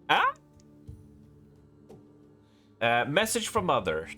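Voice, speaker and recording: A man's voice: medium pitch, very animated, moderate pace, pushed and bright, soft background music. A man streaming a game live, chatting with his viewers and reading the game's letters and notes aloud.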